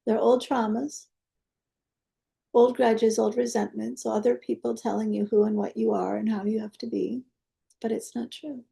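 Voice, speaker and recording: A woman teaching energy healing. She leads a guided meditation in a soft, coaxing way, with prayer-like invocations. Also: a little high, flat delivery, normal speed, gravelly.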